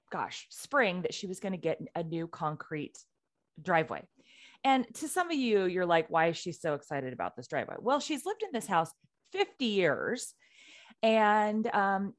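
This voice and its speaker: A woman co-hosting a podcast, telling a story in casual chat and acting out the quotes. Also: fairly low pitch. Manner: animated storytelling, acts out quotes. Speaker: podcast co-host.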